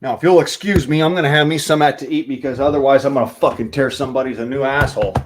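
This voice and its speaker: A man's voice: mid-range voice, quick pace, noisy background. A man hosting a livestream, delivering a heated, profane political rant while he is angry and worked up. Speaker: livestream host.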